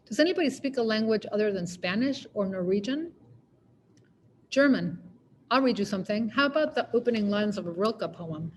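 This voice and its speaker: A woman's voice: medium pitch, expressive, fairly quick, a little hiss or hum. A woman poet giving a poetry reading, narrating in a wry, conversational way. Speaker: poet reading her work.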